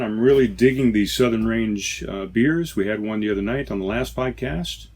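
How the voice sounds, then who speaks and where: A man with a lowish voice hosts a laid-back podcast from inside a trailer. He talks in a loose, chatty way, often stopping to correct himself mid-sentence. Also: moderate pace, few pauses, a little mellow. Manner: rambling, self-correcting, chatty. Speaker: podcast host. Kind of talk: casual beer-tasting chat.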